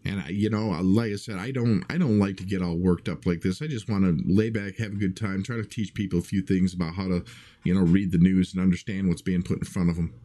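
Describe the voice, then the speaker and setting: A male show host in full rant, preaching hard at his listeners and pushing his voice up as he goes. The tone stays mellow and dark underneath the heat. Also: deep voice, fairly even intonation, fast. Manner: fired-up, preachy, raises his voice. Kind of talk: impassioned monologue.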